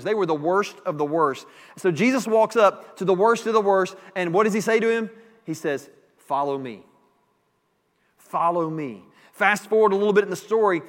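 A man pastor preaching a sermon, animated and emphatic, repeating key phrases. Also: high-pitched. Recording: long hall reverb.

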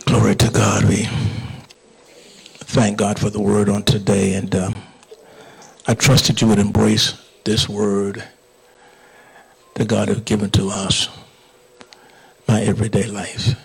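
Male pastor, gravelly and very husky, slow fervent prayer and preaching. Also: fairly low pitch, level tone, poor audio. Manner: fervent prayer, dropping to hushed whispers and tongues. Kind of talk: sermon with closing prayer. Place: church sanctuary.

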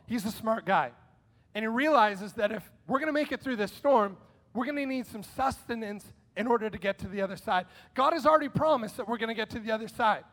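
High-voiced preaching man, echoing hall. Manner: energetic, conversational preaching with sudden shouts. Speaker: pastor. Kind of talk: sermon. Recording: long hall reverb.

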